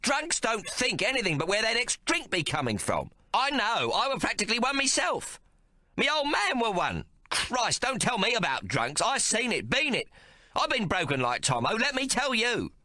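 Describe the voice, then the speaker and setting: A fierce old mother with a coarse, scolding way of speaking, as a male narrator puts her on. The voice sits high and swings widely in pitch, with a bright, sharp edge. It sounds like a storybook reading in a dry booth. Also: big pitch swings, moderate pace, no room sound. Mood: furious. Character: fierce old working-class mother, tough and bitter. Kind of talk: audiobook character voice.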